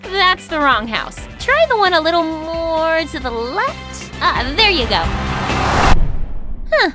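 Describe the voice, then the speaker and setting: Brief: woman as upbeat cartoon heroine, high and bouncy voice, wry edge, music in the background. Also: big pitch swings, slow, heavily acted. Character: cheerful curious young heroine. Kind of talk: cartoon voice acting.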